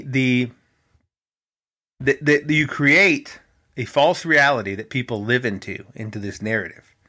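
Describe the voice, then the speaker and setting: A man holds forth as a podcast host in a loose, rambling monologue. His voice is bright and forward, middle in pitch, and he keeps restarting sentences and slipping into quoted voices of others. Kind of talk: conspiratorial casual monologue.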